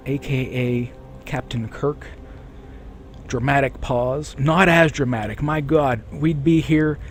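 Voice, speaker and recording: A man streaming a game live, chatting with viewers in a rambling way. He keeps correcting himself and clearing a sore throat. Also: medium pitch. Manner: rambling, self-correcting, reads chat aloud. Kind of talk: casual live-stream chat.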